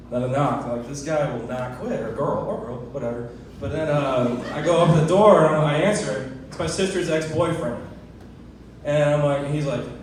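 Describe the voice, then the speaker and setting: A man's voice: a little high, fairly quick, heavy reverb, distant mic, background noise. A young man telling crude, rambling self-deprecating stories in an open mic stand-up set at a comedy club.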